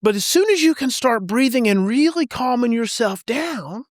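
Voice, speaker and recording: A man's voice: extremely high pitch, lively intonation, moderate pace, dry recording. Middle-aged male podcast guest; emphatic, repetitive teacher's delivery; dry, close recording. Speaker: parenting expert guest. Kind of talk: podcast interview.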